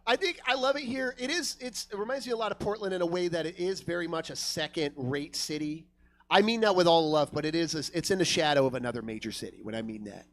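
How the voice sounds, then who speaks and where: A man's voice: on the high side, fast. A man doing a stand-up comedy set on a club stage, telling stories with lots of swearing and acting out other voices. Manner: swearing, animated storytelling, acts out other voices. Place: comedy club stage before a live audience.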